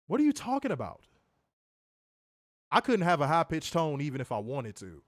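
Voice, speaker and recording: A man co-hosting a wrestling review stream, answering viewer comments in casual, animated chat. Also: on the high side, normal speed, dry recording, studio quality. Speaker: wrestling show co-host.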